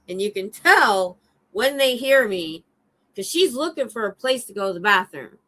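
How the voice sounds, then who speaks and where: A middle-aged woman, a security guard hosting a casual livestream chat, telling animated stories from her work. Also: mid-range voice, rough recording. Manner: animated storyteller, acts out her own shouts.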